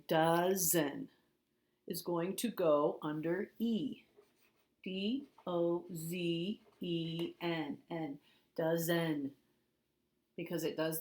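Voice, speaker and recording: A woman teacher giving a recorded spelling lesson, patiently repeating words and spelling them out letter by letter. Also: deep voice.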